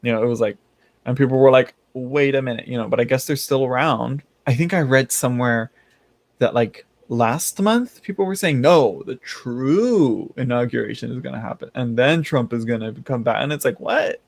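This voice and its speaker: Hosting a laid-back tarot channel stream, a man reads comments from live chat and chats in a rambling way, often laughing and starting sentences over. His medium-pitched voice is creaky, his pace moderate, and the sound has no echo.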